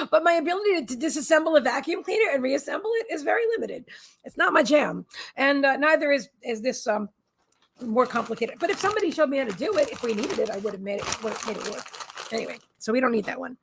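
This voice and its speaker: A woman's voice: high voice, lively intonation, quick pace, a little hiss or hum. A woman hosting a casual psychic livestream, talking in a rambling, emotional way with many restarts. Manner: coos in baby talk to her pets. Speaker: psychic reader and healer, livestream host.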